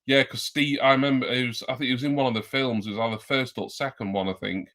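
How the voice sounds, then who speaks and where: A man's voice: mid-range voice, steady tone, fast talker, a bit bright, a little hiss or hum. Rambling man in casual chat. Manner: rambling, chuckles between thoughts. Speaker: podcast co-host.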